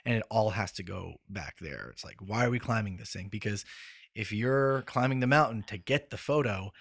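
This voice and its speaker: A young man, a former band member, chatting casually and animatedly, laughing and slipping into quick impressions. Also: fairly low pitch, gravelly, dry recording, clean studio sound. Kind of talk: casual chat.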